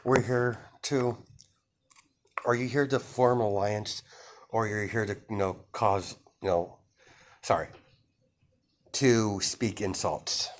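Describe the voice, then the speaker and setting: A man's voice: lowish voice, steady tone, slow, pauses often. A man voicing a stern vampire princess mother. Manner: hesitant, filler-heavy improvised lines.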